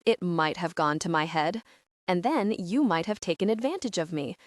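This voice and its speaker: A woman voicing a brusque, practical young gentleman suitor who speaks in a dry, low-key murmur. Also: animated, moderate pace, no echo, close to an everyday voice. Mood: teasing.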